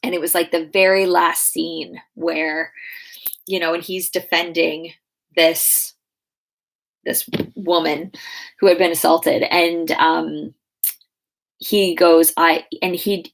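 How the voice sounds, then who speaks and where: A woman's voice: on the low side, flat delivery, slow, long pauses. A woman in her thirties coaching clients in a casual question-and-answer talk, chatty and full of fillers and restarts.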